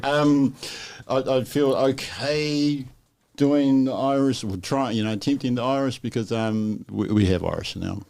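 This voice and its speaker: A man's voice: mid-range voice, measured pace, gravelly, a little mellow. A man with a New Zealand accent, a guest in a casual chat who stammers and hesitates at the start of his sentences.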